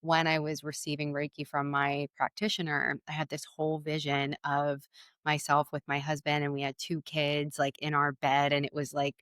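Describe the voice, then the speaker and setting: A woman's voice: deep voice, completely flat delivery, moderate pace, a bit bright, clean tone, no echo. A woman guest on a podcast, a Reiki practitioner, telling stories in an earnest, heartfelt way. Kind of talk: casual conversation.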